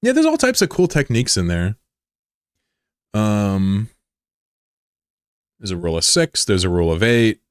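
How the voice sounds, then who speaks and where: A man in his thirties from the United States, chatting casually on a live stream with swearing and sudden high yelps of surprise. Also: very animated, measured pace, pauses often, smooth, dry recording, studio quality. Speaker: game streamer.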